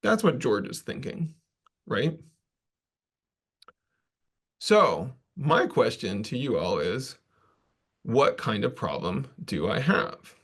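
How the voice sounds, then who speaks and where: A man's voice: medium pitch, sing-song, slow pace, long pauses, a bit bright, slightly rough. Casual man telling a work story. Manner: casual, self-deprecating, loose asides. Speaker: conference presenter. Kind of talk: conversational storytelling talk.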